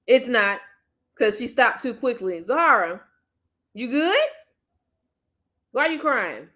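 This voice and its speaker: A woman hosting a casual livestream, gently coaxing and soothing a child, then chatting easily with her viewers. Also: on the high side, big pitch swings, slow pace. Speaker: livestream host and mother.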